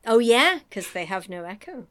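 A woman's voice: fairly high pitch, very animated, normal speed, a bit bright. Woman gabbing about a movie, giggly, puts on silly voices. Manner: chatty, giggly, acts out lines in silly voices. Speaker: podcast co-host recapping a film. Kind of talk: casual chat.

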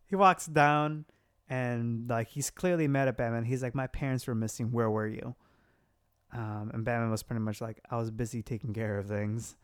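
Man, casual chat, animated retelling, smooth clear voice, dry close sound. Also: mid-range voice, normal speed, no echo. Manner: animated retelling, quoting characters with laughs. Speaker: podcast co-host recapping a story.

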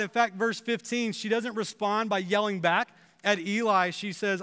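A man preaches a sermon in a high, bright voice, earnestly acting out the prayers and dialogue he quotes. His tone is clear and smooth. The sound carries a long reverb from a large church hall. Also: steady tone, moderate pace, few pauses. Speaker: pastor. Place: church sanctuary.

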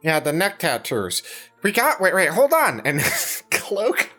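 Low-voiced, lively woman player. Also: takes it slowly, faint music behind. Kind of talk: tabletop game play.

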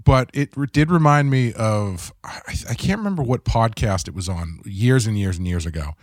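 Male co-host, wry, animated intonation, dry mic. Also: lowish voice, normal speed, dry recording. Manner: hesitant starts, wry sarcasm. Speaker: podcast co-host. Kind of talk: casual podcast discussion.

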